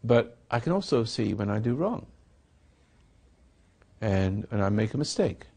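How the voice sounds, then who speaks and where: A man's voice: on the low side, sing-song, a little slow, gravelly, darkish tone. A man speaking as a spiritual teacher in a sermon dialogue, rambling and acting out quoted voices.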